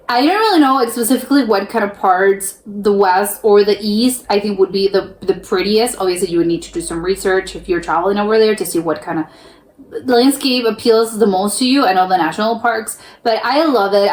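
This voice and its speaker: A woman's voice: medium pitch, roomy sound. A young woman hosting a reaction video, chatting casually and thinking aloud, with frequent restarts and laughs. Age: young adult.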